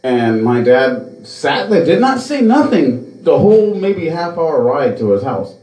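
Man, podcast host, lively pitch, cursing storyteller, roomy sound. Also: a little slow, slight background noise. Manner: profane, animated storyteller.

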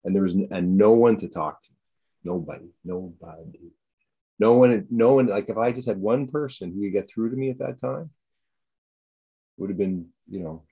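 A man chatting casually, earnest and halting, repeating himself as he talks. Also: on the low side, vocal fry, mellow, slightly rough, dull audio. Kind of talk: casual chat.

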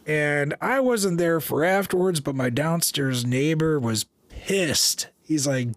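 A man in casual chat, telling lively stories about a house and acting out the voices of the people in them. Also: on the high side, slow pace, no room sound, clean studio sound. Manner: animated, acts out quoted dialogue, many restarts.

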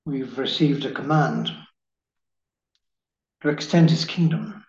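A man giving a slow, measured spiritual reading in the manner of a preacher. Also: medium pitch, gravelly, a little mellow. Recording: echoey room, dull lo-fi sound.

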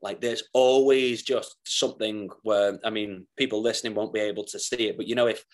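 A man's voice: lowish voice, steady tone, fairly quick. A young man, an actor and podcast guest, telling rambling, giddy stories in casual chat. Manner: rambling, giddy, laughs through his stories.

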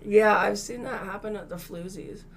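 A podcast co-host with a medium-pitched voice and some vocal fry tells a story at a moderate pace during casual chat among friends. Animated and foul-mouthed, she acts out the quotes of the people involved. There's slight background noise.

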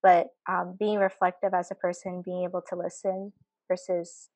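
A woman speaking as a panelist in an animated, emphatic way. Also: on the low side, moderate pace, gravelly, dry recording, poor audio. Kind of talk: casual panel discussion.

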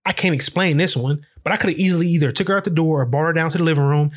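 A man's voice: a little high, very fast. Candid, profane young man telling stories. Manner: candid, profane, rambling with many fillers. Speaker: podcast host. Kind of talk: casual storytelling.

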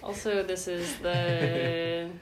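A woman's voice: lowish voice, level tone, very slow, reverberant, slight background noise. A young woman co-hosting a casual podcast, telling stories playfully and laughing along. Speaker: podcast co-host. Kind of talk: casual chat. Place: small office.

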